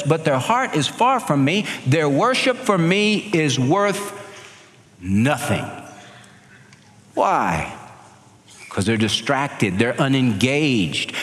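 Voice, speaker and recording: A pastor giving an emphatic, animated sermon. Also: male voice, fairly high pitch, long reverb tail.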